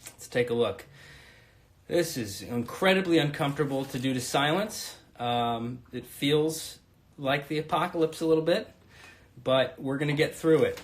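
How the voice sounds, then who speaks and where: A man's voice: on the high side, normal speed. Profane, rambling comedian in his thirties. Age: 30s. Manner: rambling, profane, self-mocking. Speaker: stand-up comedian and host. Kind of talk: live-streamed stand-up set. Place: home in Brooklyn.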